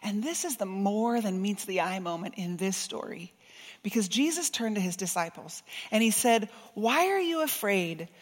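A woman preacher delivering a sermon, expressive, moving between soft, gentle passages and emphatic ones. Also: mid-range voice, moderate pace, big-room sound.

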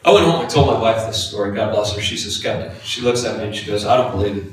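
A man preaching a sermon, telling a personal story in an animated, confessional way. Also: on the low side, quick pace. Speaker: pastor. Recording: echoey hall from far off.

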